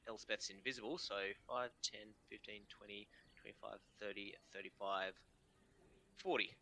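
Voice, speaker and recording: Aussie GM, low and bright-toned, relaxed, chatty, describes the action loosely. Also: male voice, moderate pace, slight background noise. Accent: Australian. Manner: casual, laughs easily, trails off with "um" and "kind of". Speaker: game master. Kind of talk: narrating a tabletop game.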